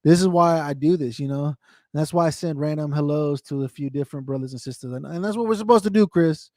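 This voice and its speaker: A man's voice: a little high, fast, a little mellow, no room sound, studio quality. A man from the United States, in his thirties, hosting a veterans' radio show and talking candidly in a rambling, earnest way that repeats itself. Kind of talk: candid casual talk to a co-host.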